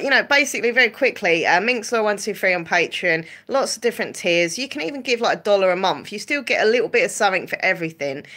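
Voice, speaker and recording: A woman hosts a relaxed livestream and chats to her viewers, rambling from one story to the next and greeting people by name. Her voice sits a little low, yet it has a bright, forceful edge. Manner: chatty, giggly, rambling, greets chat by name. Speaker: livestream host and ASMR creator. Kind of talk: casual livestream chat with viewers.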